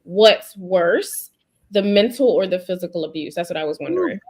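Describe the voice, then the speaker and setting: A woman hosting a casual interview, reflective and slow when she asks questions. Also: fairly low pitch, very animated. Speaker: host.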